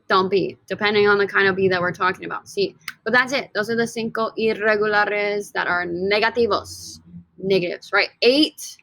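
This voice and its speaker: A woman's voice: medium pitch, creaky, a bit bright. A woman teaching a recorded Spanish lesson in English, upbeat and chatty, repeating key phrases and addressing students as guys.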